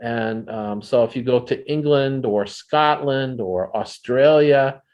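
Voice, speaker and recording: American man explaining things, relaxed. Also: mid-range voice, slow pace, dull audio. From United States. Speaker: guest. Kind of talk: casual video call chat. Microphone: video call.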